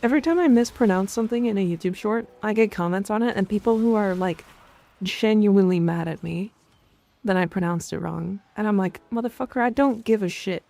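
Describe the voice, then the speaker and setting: A woman's voice: medium pitch, fairly quick, creaky, mellow. A woman game streamer chatting casually and ranting offhand, with frequent swearing. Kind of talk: casual gaming stream chat. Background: faint background music.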